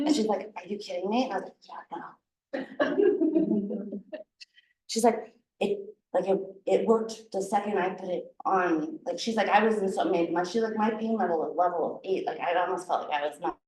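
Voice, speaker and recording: A woman's voice: mid-range voice, normal speed, pauses often, a little mellow, recorded from a distance. Woman herbalist rambling happily thru a story, lots of laughs n restarts, roomy echo. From Minnesota. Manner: chatty, laughing, many restarts and fillers. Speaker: herbalist teacher. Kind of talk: casual talk to a guild audience. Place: room at a guild meeting. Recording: echoey room.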